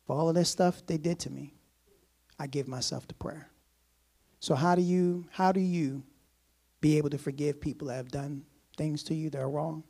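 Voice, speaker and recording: A man preaching a sermon in a casual, conversational way, repeating phrases and chuckling softly. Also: a little high, steady tone, moderate pace, vocal fry, pauses often.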